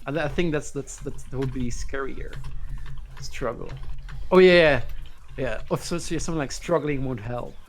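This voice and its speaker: A man's voice: mid-range voice, normal speed, long pauses. A man co-hosting a casual stream, eager and stumbling over his words. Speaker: co-host. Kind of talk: casual chat.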